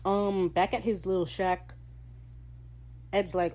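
A woman hosting a podcast, recapping a show in casual, sarcastic, animated rants full of slang. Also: mid-range voice, takes it slowly. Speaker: podcast host.

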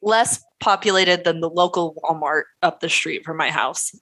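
A woman's voice: lowish voice, moderate pace, a bit bright. A woman co-hosting a casual podcast, telling a story in a rambling, profane way with many fillers.

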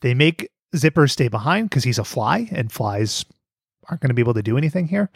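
Male podcast host, lively storyteller with a swinging pitch, dry close sound. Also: brisk, creaky, breathy edge, no echo. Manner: animated storytelling, laughs often. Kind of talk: casual cartoon recap chat.

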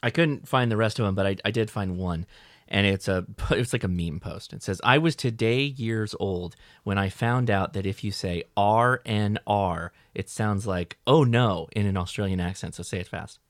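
A man's voice: fairly low pitch, moderate pace, no room sound, studio quality. A man hosting a casual podcast, joking around and reading listener mail aloud. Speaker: podcast host. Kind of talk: casual chat.

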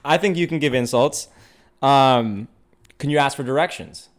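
Man, from California, podcast host, talkative storyteller, lively pitch. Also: measured pace. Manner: talkative storyteller, laughs often. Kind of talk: casual comedic chat.

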